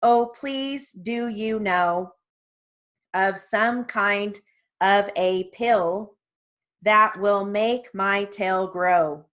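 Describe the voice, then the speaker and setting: A woman reading the lines of a jealous young girl bird in slow, even dictation. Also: medium pitch. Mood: pleading.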